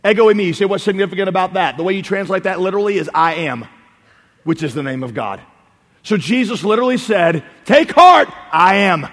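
A man preaching a sermon as pastor, animated, swinging from loud calls to quiet asides. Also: high voice, fast. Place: church sanctuary. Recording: preaching in a reverberant hall.

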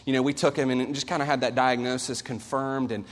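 A man in his forties preaching a sermon as a pastor, earnest and storytelling, swinging between loud and soft. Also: mid-range voice, fairly even intonation, brisk. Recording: long hall reverb.

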